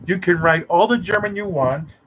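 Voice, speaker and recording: A man's voice: high-pitched, moderate pace, a bit bright, slight background noise, low-quality recording. A man hosting a casual live stream, teasing and bantering sarcastically with his chat viewers.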